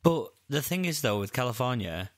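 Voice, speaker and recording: A man's voice: medium pitch, expressive, moderate pace, dry recording, studio quality. A man co-hosting a casual podcast, mostly reacting with short replies and now and then chiming in with facts. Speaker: podcast co-host.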